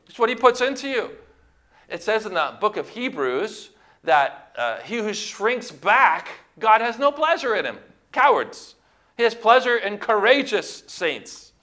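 A man's voice: high-pitched, pushed and bright. A man preaching a sermon, emphatic and full of rhetorical questions to his congregation.

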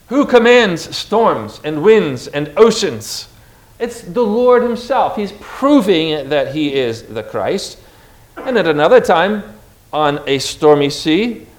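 A man delivers a lively sermon, pressing each point home and drawing his congregation in to repeat his words. His voice sits fairly high. It rings through a reverberant hall. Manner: energetic, emphatic, has the congregation repeat words. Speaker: preacher. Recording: echoey room.

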